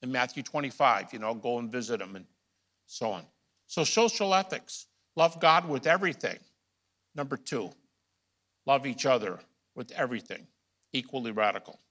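A man giving a recorded lecture, emphatic and full of rhetorical questions, repeating key phrases and swinging from quiet asides to loud stresses. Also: medium pitch, very animated, normal speed, pauses often.

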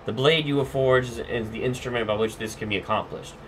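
A man reading aloud as a huge demon lord who speaks slowly and deliberately. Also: mid-range voice, steady tone, a bit bright, slight background noise, lightly acted. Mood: grave. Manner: slow, deliberate, commanding. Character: huge slow-spoken demon lord, stern and grave.

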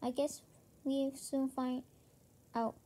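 Shy curious little boy from a kids book, lady reading him, slow, kinda soft and mellow. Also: sits high, flat delivery. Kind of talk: reading a children's chapter book aloud.

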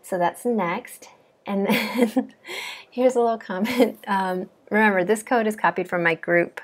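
A woman's voice: medium pitch, unhurried. A woman, a coding bootcamp student, chatting casually and giggling as she walks through her project. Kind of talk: casual screen-share walkthrough.

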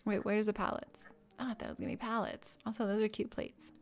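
A young woman chatting casually with her live-stream audience, bubbly and easily excited as she browses and talks. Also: medium pitch, fast, faint music behind.

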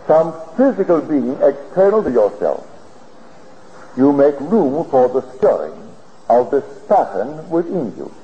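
A man giving a spiritual lecture, telling his story in an earnest, deliberate way, heard on an old archival tape. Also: fairly high pitch. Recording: old archival lecture tape, dull and hissy, in a reverberant hall.

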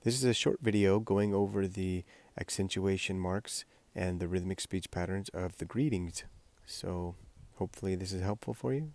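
A man giving a patient pronunciation lesson, repeating words slowly to model how they sound. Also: low voice, darkish tone. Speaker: language teacher.

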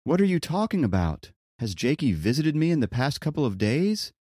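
A man voicing an anxious, excitable young woman in an audiobook, pleading and shouting into a phone. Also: moderate pace, no room sound, clean studio sound. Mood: anxious, excited. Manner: high-pitched, pleading, shouting.

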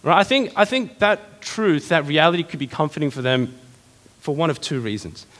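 Lively male pastor in a reverberant hall. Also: a little high, normal speed. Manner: lively, conversational preaching with frequent rhetorical questions. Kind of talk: sermon. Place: church hall. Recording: long reverb of a church hall.

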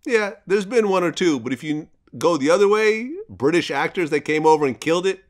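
A man hosting a casual interview, asking questions in an upbeat, animated way. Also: on the high side, a little fast. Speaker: interviewer, host.

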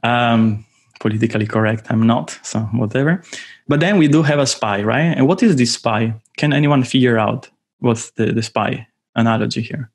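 An Italian-accented man lectures to an online class, his voice sitting at an ordinary middle pitch. He explains ideas through playful, animated stories, and he talks into a computer mic. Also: moderate pace, slightly rough. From south of Italy.

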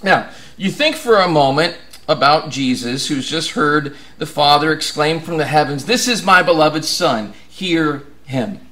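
A man's voice: a little high, unhurried, a bit bright. A man preaching a sermon in an earnest way, building to emphatic questions.

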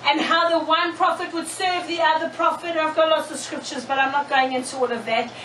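High-voiced woman preaching. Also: a little fast, slight background noise. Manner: animated storytelling, laughs often, checks in with "okay?". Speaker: preacher, prophetess. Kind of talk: sermon. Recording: echoey room, mic far off.

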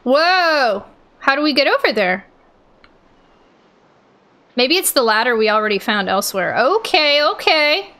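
A woman hosting a let's play, thinking aloud in a chatty, unsure way and often yelling out in excitement. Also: sits high, normal speed, pauses often. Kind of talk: gaming commentary. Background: game music.

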